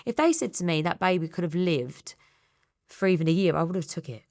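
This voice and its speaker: Low gravelly-voiced Essex woman. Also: lively intonation, darkish tone, no echo, clean studio sound. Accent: Essex English. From England. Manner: rapid storytelling that re-enacts dialogue. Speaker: guest. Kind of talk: candid emotional interview.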